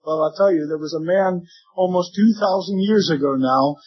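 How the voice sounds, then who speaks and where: A man's voice: high voice, normal speed, husky, dull audio. A man preaching a sermon to a church congregation, earnestly voicing the objections his listeners might raise.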